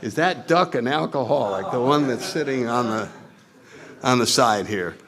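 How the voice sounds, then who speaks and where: Guy telling his story at a meeting, mid pitch, bouncy delivery, pokes fun at himself. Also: moderate pace, a crowd in the background. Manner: animated, acts out his own past lines in put-on voices; wry and self-mocking. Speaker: speaker at a recovery meeting. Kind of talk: storytelling talk to a meeting audience.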